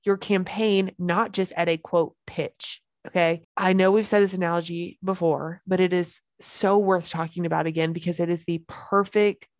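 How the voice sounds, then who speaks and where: A woman's voice: on the low side, steady tone, moderate pace, few pauses, a little mellow, no room sound. A woman hosting a solo podcast as a business coach, talking with energy and emphasis and repeating key phrases.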